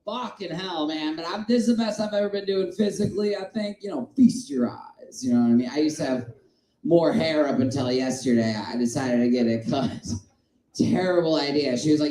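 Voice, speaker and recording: A man doing a stand-up set in a small comedy club, crude and self-mocking, swinging between shouting and mumbling. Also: on the high side, brisk, echoey room, rough recording.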